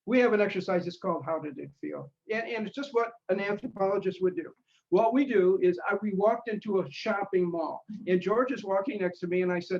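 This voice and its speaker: Brief: man, high and gravelly voice, rambling anecdotal storyteller, lo-fi recording. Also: a little fast, darkish tone. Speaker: retail speaker. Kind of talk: speaker showcase presentation.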